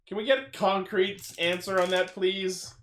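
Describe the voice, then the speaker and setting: A man co-hosting a podcast in casual chat, quick and jokey, now and then bursting into loud shouted bits. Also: high voice, little pitch movement, roomy sound. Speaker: podcast co-host.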